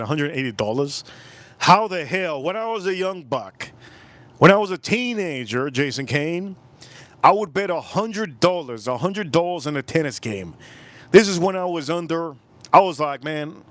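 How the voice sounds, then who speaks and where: Guy in his 40s streaming outside, fairly high voice, dry close sound, keeps calling out chat names. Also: dry recording. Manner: animated, talks straight to viewers by name. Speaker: livestream host. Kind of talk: casual livestream storytelling. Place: outdoors.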